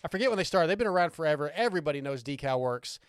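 A man hosting a casual podcast, excitable and rambling, who swears freely. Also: fairly high pitch, racing, smooth, dry recording. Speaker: podcast host.

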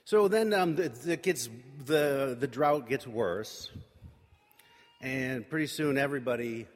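A man's voice: medium pitch, slow. Man retelling a Bible story casually. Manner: loose retelling with lots of fillers and acted-out quotes. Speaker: Bible teacher. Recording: long reverb from a large room.

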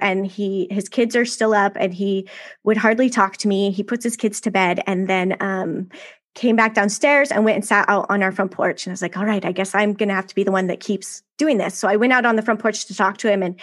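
A woman in her thirties, a podcast guest, telling her story in a candid, animated conversational way. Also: mid-range voice.

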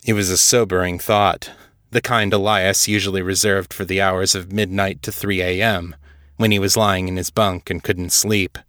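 Give me a man with a lower voice, host and author, reading his story in a measured way, dry and close. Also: level tone, fairly bright tone, dry recording. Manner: measured, matter-of-fact. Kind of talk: story narration and podcast talk.

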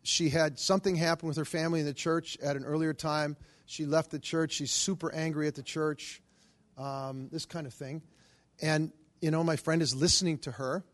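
High-voiced preacher telling stories. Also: male voice, normal speed. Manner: animated, acts out quoted voices. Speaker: Catholic charismatic preacher. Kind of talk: storytelling sermon.

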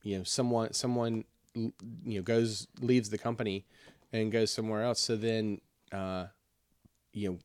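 A man co-hosting a casual tech podcast, talking in halting starts that trail off. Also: lowish voice, flat delivery, smooth, no room sound. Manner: halting, restarts, trails off quietly. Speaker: podcast co-host.

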